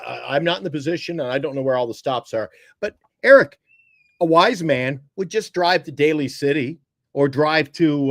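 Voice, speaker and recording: A man co-hosting a casual sports talk show, telling stories in an animated, sarcastic way. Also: dry recording, studio quality. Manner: animated, sarcastic storytelling with big swings of pitch. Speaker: podcast co-host.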